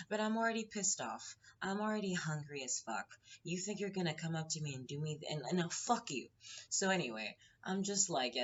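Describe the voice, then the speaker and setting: A woman's voice: sits low, lively intonation, fast, muffled recording. A woman hosting her own show, retelling a story in a casual, heated and profane way, acting out the quotes. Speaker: podcast host.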